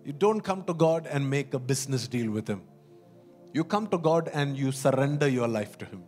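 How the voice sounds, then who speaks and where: A man's voice: mid-range voice, expressive, moderate pace, darkish tone, soft background music. A man preaching a sermon in an earnest, emphatic way, often repeating words and asking the congregation questions.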